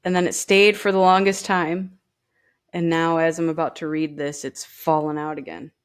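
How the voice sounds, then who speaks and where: A woman's voice: deep voice, level tone, normal speed, clear, resonant tone. A woman giving a casual tarot and oracle card reading. She reads the card texts aloud and talks straight to the viewer with chatty asides. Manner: chatty, addresses viewers directly with "you know" asides.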